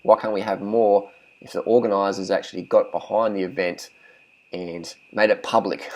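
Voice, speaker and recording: A man's voice: deep voice, fairly even intonation, normal speed, darkish tone, low-quality recording. Blunt, swearing cycling vlogger man. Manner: blunt, profane, repeats phrases for emphasis. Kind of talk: casual race commentary and riding tips.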